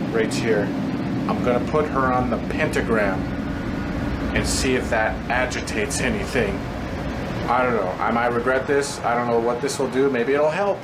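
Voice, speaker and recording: A man's voice: mid-range voice, very noisy. A man investigating a place for spirits as he explores it, gasping and exclaiming in alarm. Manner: jumpy, gasping, repeated exclamations. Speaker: paranormal investigator. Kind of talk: live exploration commentary.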